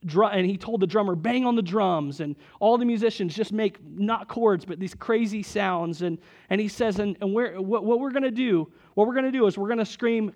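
A young man preaching a sermon, telling a personal story and building to loud, emphatic moments. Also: high-pitched, fairly quick, few pauses, muffled recording. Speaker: pastor.

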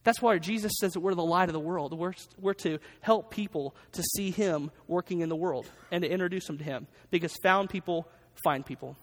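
A man preaching a sermon as pastor in a church, energetic and emphatic, often repeating his key phrases. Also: high-pitched, a little fast, hardly any pauses. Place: church sanctuary. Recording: long reverb of a large hall.

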